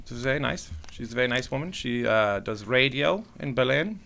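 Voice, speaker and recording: A man's voice: medium pitch, animated, normal speed, creaky, sharp tone. A man, a comedian guest, telling stories in casual podcast chat, laughing often and mimicking other people's voices.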